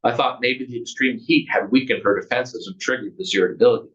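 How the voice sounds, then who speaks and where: A man's voice: medium pitch, fast, fairly bright tone. Author guy reading his own book, earnest, kinda far off and muffled. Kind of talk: reading aloud from his memoir, with casual asides. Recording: distant, muffled recording.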